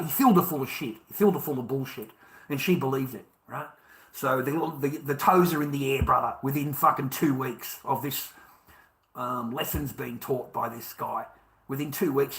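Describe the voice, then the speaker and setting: A man's voice: mid-range voice, normal speed, gravelly, fairly bright tone. Profane Australian man ranting. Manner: profane, emphatic, repeats for emphasis. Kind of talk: casual storytelling rant.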